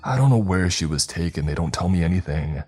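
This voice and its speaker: A man's voice: sits low, expressive, brisk, a little mellow, slightly rough, faint music behind. A man voicing a middle-aged male school principal who blusters, then pleads defensively. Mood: pleading.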